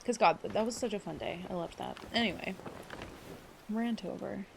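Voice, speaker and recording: Teary, gravelly woman streamer. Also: medium pitch, moderate pace, background noise. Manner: rambling, emotional, swears freely, greets chat by name. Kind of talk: casual live-stream chat.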